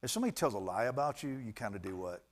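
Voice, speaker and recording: Animated male preacher, hushed to booming. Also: very fast. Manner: animated, swings from hushed to loud and emphatic. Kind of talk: sermon.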